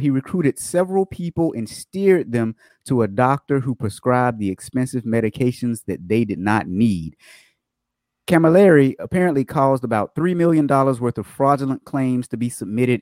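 A man's voice: medium pitch, darkish tone, dry recording, studio quality. Chatty upbeat man hosting a livestream. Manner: upbeat, chatty, greets viewers by name. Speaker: livestream host. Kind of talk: casual chat with viewers, reading fraud news.

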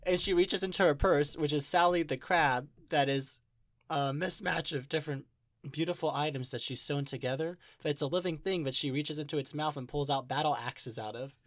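A man's voice: fairly high pitch, fairly quick, no room sound, clean studio sound. A man co-hosting a podcast, telling a story in a playful, chatty way. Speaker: podcast co-host. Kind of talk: casual chat.

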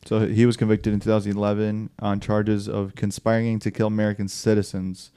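A man's voice: fairly low pitch, a little fast, clean tone. Laid-back guy swearing in casual chat. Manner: swears freely, quotes people in animated bursts.

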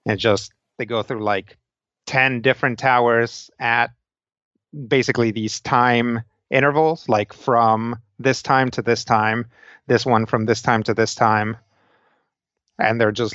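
A man narrating a tabletop game as game master, halting with many fillers and restarts. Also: mid-range voice, little pitch movement, fairly bright tone, no echo. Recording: dry, dull lo-fi sound.

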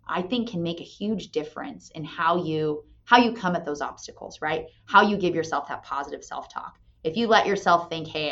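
A woman in her thirties, a company president and mother, telling a candid story and tagging her points with a quick "right?". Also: low-pitched, fairly bright tone. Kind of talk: motivational talk. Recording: dull lo-fi sound.

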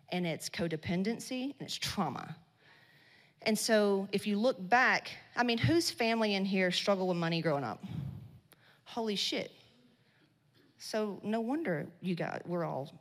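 A medium-pitched woman speaking at a women's business event delivers a profane motivational talk to a live audience in an echoing hall with long reverb. She comes across blunt and slangy, swearing and turning loud in bursts.

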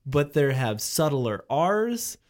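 A man co-hosting a podcast in casual chat, rambling and animated, laughing as he talks. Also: a little high, slow.

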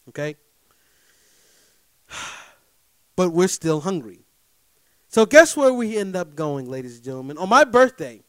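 Casual and animated, a man recounts a personal story to his listeners, speaking emphatically and checking in with them often. He swings between loud bursts and low asides, and the recording is dry.

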